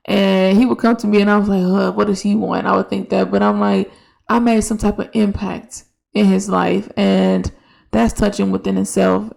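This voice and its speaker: Young woman teacher, podcast host, very gravelly voice, even flat delivery, casual reflective talk. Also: medium pitch. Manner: conversational, with many restarts and quoted dialogue.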